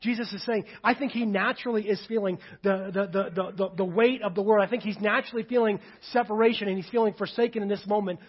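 A pastor preaching with a high, husky voice that moves between forceful emphasis and quiet, hushed passages. The recording is dull and lo-fi, like a church sermon tape. He sounds earnest and direct. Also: steady tone, fast, few pauses. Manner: emphatic, swings from loud to hushed while reading Scripture.

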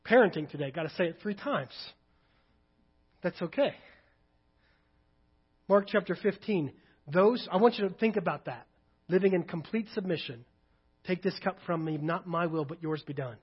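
A male pastor preaching a sermon, emphatic, swinging between loud declarations and hushed readings of Scripture. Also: high voice, normal speed, pauses often, slightly rough, highs cut off.

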